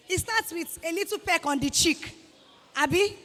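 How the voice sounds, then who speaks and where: A guest speaker addressing students at a moderate pace, this Nigerian-accented woman has a high, bright voice and a lively, scolding manner. She acts out the people she quotes in her motivational talk, which rings through a large hall with a long reverb tail.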